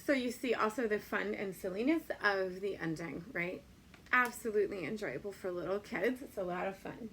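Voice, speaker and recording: This Spanish teacher addresses other teachers informally during a training talk, filling her speech with ums and going sing-song and playful for a children's rhyme. She speaks at medium pitch and a moderate pace, pausing often, with a somewhat bright tone over a faint hiss or hum.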